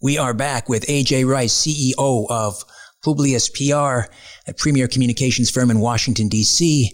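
A man's voice: mid-range voice, moderate pace, faint music behind. A man hosting a talk radio show, reading out his guest's credentials and asking long, leading questions. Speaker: radio host.

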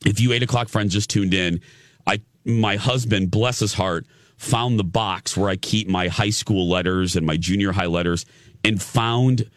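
A man's voice: lowish voice, moderate pace, no room sound, studio quality. A middle-aged man from Indiana hosting a radio show, telling a story in casual chat with stammered restarts and laughter at himself.

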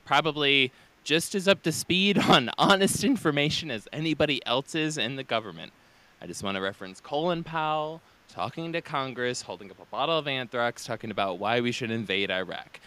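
A man co-hosting a casual podcast chat, animated and profane, acting out comic bits. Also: medium pitch, brisk. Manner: animated, swearing, acts out bits. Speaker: podcast co-host.

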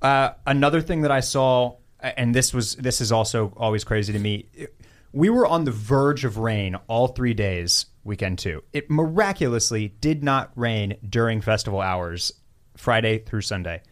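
A man's voice: mid-range voice, moderate pace. A young man hosting a casual chat about festival fashion, loose and rambling, with plenty of fillers and restarts.

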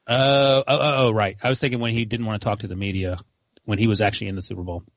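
A man's voice: lowish voice, steady tone, quick pace, dry recording, dull audio. A man co-hosting a casual sports chat with a wry, mock-scolding manner. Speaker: podcast co-host.

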